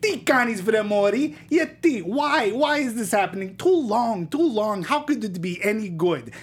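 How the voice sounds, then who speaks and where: A woman voicing a fretful, exasperated lady in a put-on Greek accent, with a husky voice. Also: on the high side, lively intonation, moderate pace.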